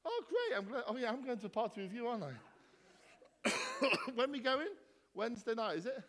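A male vicar with a high, lively voice leads a gathering in a church hall with echoey reverb, speaking at a moderate pace. He banters playfully with the congregation, joking, teasing, and throwing bouncy questions to the crowd.

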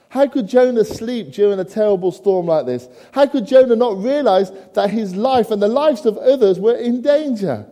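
A man preaches a sermon at a moderate pace, his high, mellow voice ringing through a church with a long reverb tail. He sprinkles in humorous asides and repeatedly poses rhetorical questions to his listeners.

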